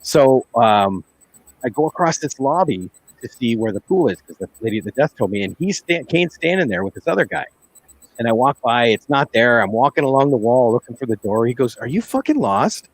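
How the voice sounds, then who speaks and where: A man's voice: medium pitch, expressive, a little fast, a little hiss or hum, low-quality recording. A man hosting a casual podcast chat, telling anecdotes in an easygoing way and laughing often.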